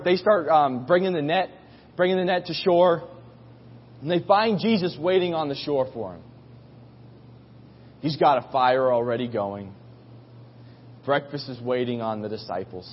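A male pastor preaches in a casual, folksy style and slips into character voices as he tells the story. His voice sits a little high and has a husky edge. The recording is muffled and carries a long echo from a large hall. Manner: storytelling, acting out disciples' voices. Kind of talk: sermon. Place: church.

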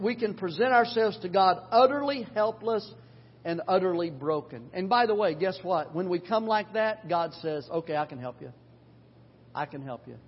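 An older male pastor preaches with a husky, fairly high voice, pressing his points through repetition and moving between loud urging and near-hushed passages. The sound is dull and carries a long reverb, as if picked up in a church sanctuary. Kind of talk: sermon.

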